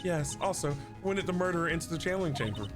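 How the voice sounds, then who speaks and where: A man voicing a calm, knowing woman lawyer and mentor in his near-own voice, over game music. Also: a little high, fast talker, close to an everyday voice.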